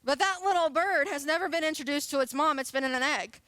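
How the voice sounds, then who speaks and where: High-voiced playful young woman preaching. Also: fast talker, a bit bright, no echo. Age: 20s. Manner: casual, chatty and playful, laughing often. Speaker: youth pastor. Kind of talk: sermon.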